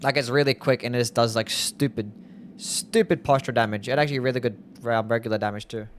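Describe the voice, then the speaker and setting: A man's voice: mid-range voice, fairly even intonation, a little fast, a little hiss or hum. A young man casually commenting on a game live, musing aloud and answering viewer questions. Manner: laid-back, musing, answers chat questions. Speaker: streamer.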